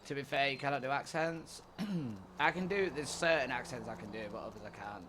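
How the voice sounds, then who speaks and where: A man streaming a roleplay game, chatting with his viewers in a relaxed, rambling way and swearing freely. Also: medium pitch, a little fast, noisy background. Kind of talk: casual chat with viewers during a roleplay stream.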